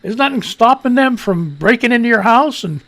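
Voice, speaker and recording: A wheezing man with a high, gravelly voice hosts a live radio news show. His pitch swings widely as he rambles through exasperated, sarcastic commentary. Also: expressive, normal speed, a bit bright. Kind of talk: casual political commentary.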